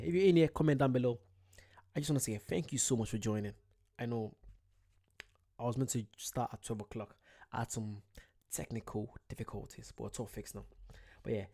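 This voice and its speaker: A man's voice: mid-range voice, dark tone. A man from the UK, hosting his first live stream, chatting casually and greeting viewers by name. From United Kingdom. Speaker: channel host. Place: at home late at night.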